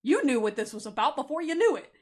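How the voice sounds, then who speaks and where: A woman tarot reader giving a pick-a-card reading to camera, animated, blunt and playful, and often laughing. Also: sits high, quick pace.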